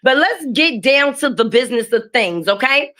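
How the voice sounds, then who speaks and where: High, bright-voiced woman streaming live. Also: normal speed. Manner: animated, blunt and profane, calling out names. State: sniffly from a cold. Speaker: livestream host. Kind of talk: casual live-stream chat. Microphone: webcam or phone mic while streaming.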